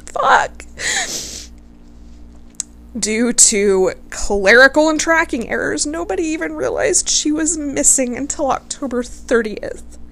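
A woman's voice: high voice, lively intonation, unhurried, gravelly, hardly any pauses, fairly bright tone. A woman casually telling a history story to her viewers, gushing over her subject, swearing freely and close to tears.

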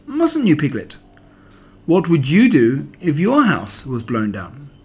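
A man's voice: a little high, huge pitch swings, takes it slowly, breathy edge, full character voice. A man doing a kind young boy. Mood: gentle. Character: cheerful young boy, kind to his friends. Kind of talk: storybook character voice.

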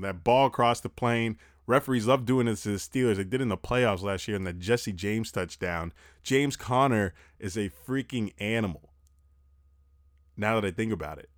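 Young guy doing a football recap podcast, fast and swearing a lot, heavy breathing right on the mic, dry sound. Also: medium pitch, dry recording. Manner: fast, animated, profane, breathes heavily. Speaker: sports podcast host. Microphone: close mic.

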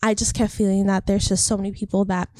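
A woman's voice: mid-range voice, little pitch movement, fast, dark tone, no room sound, clean studio sound. A young woman talking casually and earnestly to camera about faith and encouragement, rambling and heartfelt. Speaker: faith vlogger. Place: California.

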